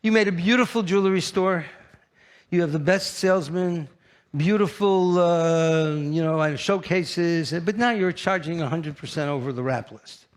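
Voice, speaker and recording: An older man with a New York accent giving a brash, animated conference keynote, teasing the audience. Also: fairly high pitch, normal speed. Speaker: keynote speaker.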